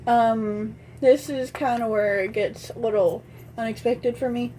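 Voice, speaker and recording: A woman's voice: on the high side, fairly even intonation, measured pace, warm tone, slight background noise. Chatty young woman telling a story. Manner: chatty, retells scenes with lots of "and I'm like". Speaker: vlogger. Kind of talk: casual storytelling.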